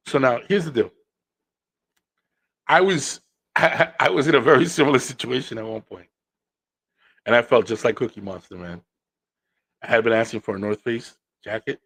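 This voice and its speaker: A man hosting a podcast, talking casually and telling animated stories, acting out quotes and repeating phrases for emphasis. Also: mid-range voice. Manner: animated storytelling, acts out quotes. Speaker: podcast host. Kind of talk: casual monologue.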